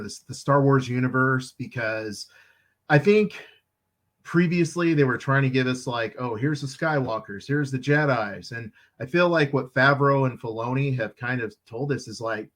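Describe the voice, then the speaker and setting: Relaxed man hosting a podcast. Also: medium pitch, normal speed. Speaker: podcast host. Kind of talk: casual chat.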